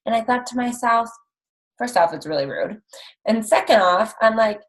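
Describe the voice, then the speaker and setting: A woman's voice: a little high, lively intonation, normal speed, rough recording. A woman in her twenties giving an upbeat, chatty motivational talk to her team on a call, full of likes and ums. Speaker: coach trainer.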